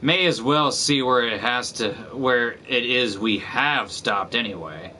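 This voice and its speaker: A man's voice: medium pitch, measured pace, bright, forceful tone, poor audio. A man voicing a timid bearded sailor who speaks hesitantly and startles easily. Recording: music playing underneath.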